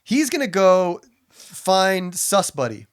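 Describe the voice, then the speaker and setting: A man's voice: high-pitched, big pitch swings, takes it slowly, clean tone. A man co-hosting a casual podcast, recapping a movie plot and swearing freely. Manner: swearing, acting out scenes in quotes. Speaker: podcast co-host.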